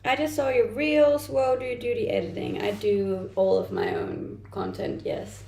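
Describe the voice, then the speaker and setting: A young streamer from Denmark answers her chat casually, her English mixed and Danish-tinged. Her slightly high voice is animated and mellow with vocal fry, at a moderate pace; she reads comments aloud and responds with light laughs. Roomy echo and slight background noise are audible.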